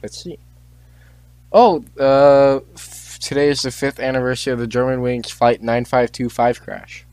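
A man's voice: medium pitch, steady tone, moderate pace, darkish tone, clean tone, dry recording. A teenage boy hosting a casual chat, reading out on-this-day facts, tripping over names and tossing in joking asides. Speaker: podcast host.

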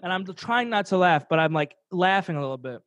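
A man's voice: sits high, animated, fairly quick, fairly bright tone, dry recording, dull audio. A young man casually telling a rambling, profane story, laughing along the way. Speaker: podcast storyteller.

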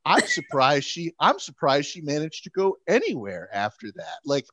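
A man co-hosting a podcast in casual chat, animated, laughing often, repeating words and acting out quotes. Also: a little high, moderate pace, no echo, dull audio. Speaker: podcast co-host.

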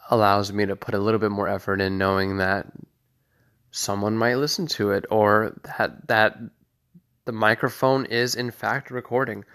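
A man's voice: lowish voice, fairly bright tone, clear, resonant tone. A young man hosting a casual solo podcast, rambling with lots of fillers and self-deprecating asides. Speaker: podcast host.

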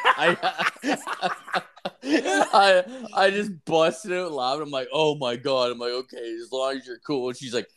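A man's voice: a little high, a little slow, fairly bright tone, a little hiss or hum. A young man co-hosting a podcast in casual chat, telling crude stories with heavy swearing and filler words. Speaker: podcast co-host.

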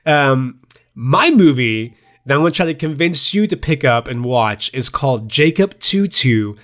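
A man's voice: medium pitch, expressive, unhurried, fairly bright tone. A man co-hosting a podcast, chatting loosely about films. He jokes and laughs a lot, with an ordinary mid-range voice. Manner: laughs often, loose and joking. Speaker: podcast co-host. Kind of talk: casual chat about movies.

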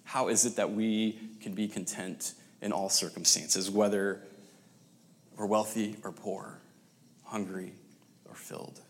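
A man preaching a sermon, telling a story with pauses and restarts and dropping to near-whispers. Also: fairly low pitch, level tone.

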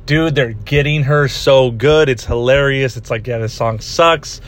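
A man's voice: medium pitch, unhurried. A young man telling a rambling story in a casual podcast chat, laughing often and saying "dude" a lot. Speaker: podcast host.

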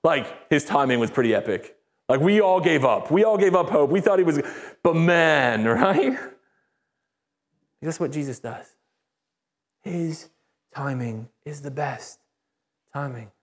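A man with a notably high voice gives a lively, conversational sermon. He acts out quoted voices as he preaches and pushes the congregation to call back answers. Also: unhurried, long pauses. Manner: asks the congregation for call-and-response. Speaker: pastor. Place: church service.

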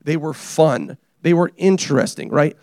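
A young man preaching a casual, energetic sermon, joking and teasing the congregation as he tells stories about his family. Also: on the high side, moderate pace, no echo, clean studio sound. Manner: animated, joking, self-deprecating. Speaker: pastor.

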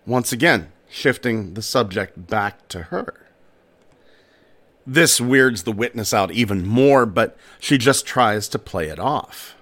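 A man with a lowish, somewhat bright voice and lively intonation speaks slowly. He hosts a podcast about strange stories, narrating a tale casually and dropping in personal asides.

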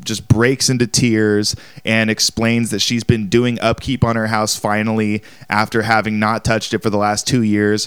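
A man's voice: on the low side, a bit bright, clear, resonant tone, no room sound. A man telling a comedic story in a casual, rambling way, leaning heavily on the filler "like". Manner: rambling, heavy use of "like".

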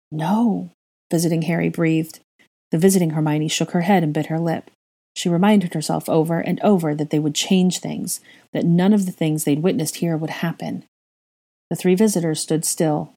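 Woman narrator, low and dark-toned, calm storybook reading. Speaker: reader of fan fiction. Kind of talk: audiobook-style story reading.

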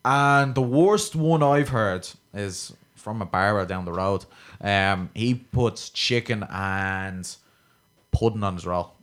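A man's voice: on the low side, takes it slowly. A young man with a Dublin Irish accent, co-hosting a podcast in casual, opinionated chat. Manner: chatty, opinionated, trails off quietly. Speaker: podcast co-host.

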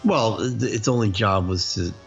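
Gravelly low-voiced man in lo-fi audio. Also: moderate pace, soft background music. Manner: laid-back, questioning, storytelling. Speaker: podcast co-host. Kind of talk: casual movie commentary chat. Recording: dull lo-fi audio.

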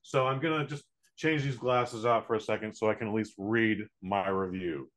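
A man's voice: on the low side, fairly even intonation, normal speed, a bit bright, slight background noise. Profane, rambling male podcast co-host. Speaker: podcast co-host reviewing movies. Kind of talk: casual podcast chat.

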